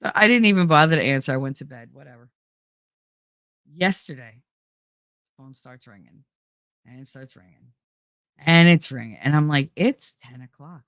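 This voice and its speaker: Low-voiced lady telling a story, quoting everyone, a bit under the weather, dry close sound. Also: moderate pace, long pauses, smooth, no echo. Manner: chatty, animated retelling with quoted dialogue. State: unwell. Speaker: host. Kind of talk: casual storytelling chat.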